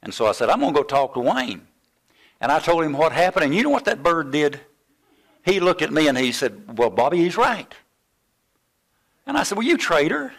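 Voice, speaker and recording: A man's voice: on the high side, normal speed, pauses often. An older man preaching a sermon, telling a story from his student days and acting out the voices of the people in it. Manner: animated storytelling, acts out quoted voices. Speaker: pastor.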